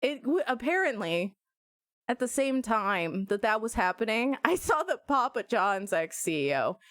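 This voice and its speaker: A woman's voice: fairly high pitch, unhurried, no room sound, studio quality. A woman live-streaming, chatting casually and jokily with her viewers, often breaking into squeals and laughter. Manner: animated, jokey, sudden squeals and laughs.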